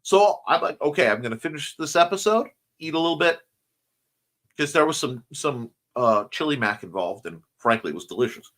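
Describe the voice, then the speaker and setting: A man's voice: a little high, expressive, moderate pace. A man with a slightly scratchy voice and a speech impediment, hosting a casual morning stream, chatting playfully and reading out viewer comments. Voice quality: self-described speech impediment. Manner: rambling, playful, warm toward viewers. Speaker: host.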